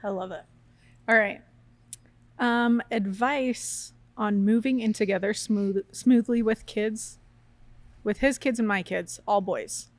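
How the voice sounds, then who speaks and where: A woman in her thirties, a podcast guest, chatting in an animated way and acting out quoted voices. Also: mid-range voice, takes it slowly, no echo. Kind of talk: casual chat.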